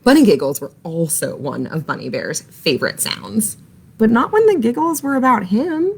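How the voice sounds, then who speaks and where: A woman reading a children's story aloud for library storytime, in an expressive, animated way. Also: mid-range voice, moderate pace, vocal fry, husky.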